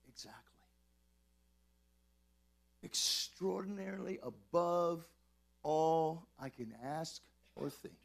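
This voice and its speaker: A man preaching a sermon as pastor, emphatic and excitable, stumbling over restarts as he gets worked up. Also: on the high side, slow pace, gravelly, long pauses.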